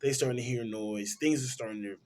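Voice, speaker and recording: Male film reviewer, mid-pitched, casual animated plot recap with slang. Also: fairly quick.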